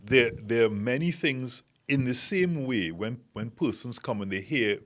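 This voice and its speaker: A man's voice: mid-range voice, expressive, measured pace. A man with a Trinidadian accent hosting a casual group discussion, talking in long, reflective, winding sentences. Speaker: podcast host.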